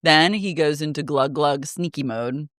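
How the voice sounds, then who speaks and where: A woman's voice: low-pitched, a little slow, fairly bright tone, no room sound, studio quality. Gossipy woman podcast co-host. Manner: gossipy, acts out quotes in exaggerated voices. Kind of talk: casual recap chat.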